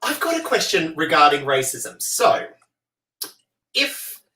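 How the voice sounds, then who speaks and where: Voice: medium pitch, sing-song, takes it slowly, sharp tone. A co-host on a casual chat show making dry, wry asides. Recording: roomy, distant mic with faint noise.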